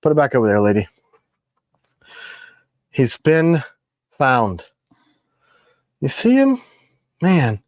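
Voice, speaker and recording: A man, hosting a casual knife livestream from a room at home, joking and swinging his pitch up and down. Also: wildly swooping pitch, slow, pauses often, a little mellow, no echo, clean studio sound. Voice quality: gravelly.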